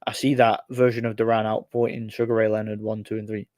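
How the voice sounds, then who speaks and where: A man's voice: fairly low pitch, flat delivery, fast, darkish tone, no room sound. A man hosting a casual livestream and answering chat questions, rambling with lots of repeated words and fillers.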